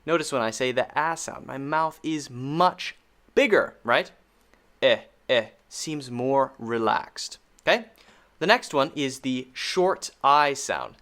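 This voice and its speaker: An American man gives a pronunciation lesson at an unhurried pace. His pitch rises and falls a lot as he stresses and repeats each sound. He speaks deliberately, like a patient teacher. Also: animated, a bit bright.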